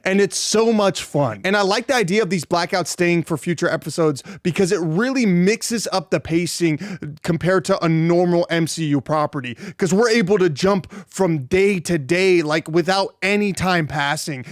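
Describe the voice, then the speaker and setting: A man's voice: high-pitched, dry recording, clean studio sound. A man hosting a casual video review, talking in an enthusiastic, gushing way with frequent restarts. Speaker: YouTube show reviewer.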